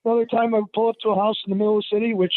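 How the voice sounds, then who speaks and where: Man, guest appraiser, fairly high voice, rambling with fillers, tinny dry phone line. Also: level tone, rapid-fire, dry recording. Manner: rambling, many fillers and restarts; acts out the people in his stories in a higher voice. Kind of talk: casual interview storytelling.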